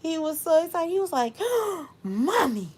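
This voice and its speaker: A young adult woman hosting a casual livestream, reflective and unhurried, thanking viewers by name and laughing often. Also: very high-pitched, dark tone. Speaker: host.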